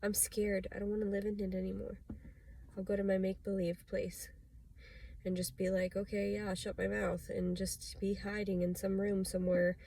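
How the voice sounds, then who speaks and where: A woman's voice: medium pitch, completely flat delivery, normal speed, mellow. A woman talking straight to camera in a confessional vlog, rambling and agitated, swearing often. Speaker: vlogger.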